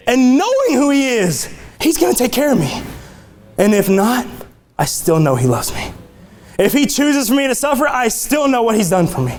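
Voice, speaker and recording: A man preaching an impassioned sermon in a small church room. His voice climbs higher as he gets excited, and he sometimes stumbles over words. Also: fast, slight background noise. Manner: impassioned, exclamatory, some stumbles.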